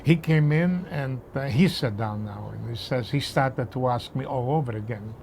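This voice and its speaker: An older man recounting his past at length, hesitant, with pauses and fillers. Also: mid-range voice, creaky, darkish tone, a little hiss or hum. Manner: hesitant, with many fillers and restarts. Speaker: interviewee. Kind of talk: personal recollection.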